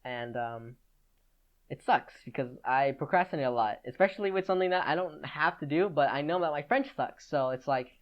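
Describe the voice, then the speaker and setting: A man's voice: on the high side, a little fast. Rambling teenage boy, lo-fi podcast. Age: teens. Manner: rambling, chatty, with many "like"s and restarts. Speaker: podcast host. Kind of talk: casual solo podcast chat.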